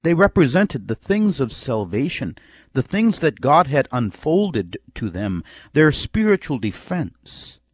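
Male preacher, sermon delivery, animated pitch, dry close sound, reads scripture and voices imagined replies. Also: unhurried, slightly rough, no room sound. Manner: reads scripture in old King James wording, acts out imagined replies.

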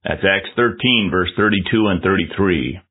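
A man's voice: low-pitched, normal speed, slightly rough. Earnest preacher man on tinny audio. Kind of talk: sermon.

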